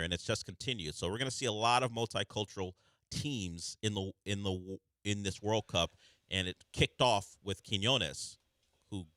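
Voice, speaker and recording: Man, sports radio host, low voice, chatty analysis, dry studio sound. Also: bright, forceful tone, dry recording. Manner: explains at length, chatty and analytical. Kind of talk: sports talk radio banter.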